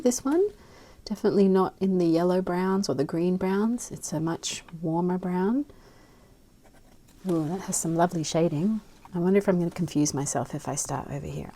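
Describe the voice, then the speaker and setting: An Australian woman chatting casually and rambling as she swatches inks, with soft murmured asides. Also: on the low side. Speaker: fountain pen ink vlogger.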